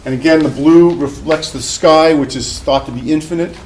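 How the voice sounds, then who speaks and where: A man's voice: fairly high pitch, moderate pace, darkish tone, a little hiss or hum, poor audio. A man giving a classroom lecture, telling a story in a conversational way with many fillers and restarts. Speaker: professor.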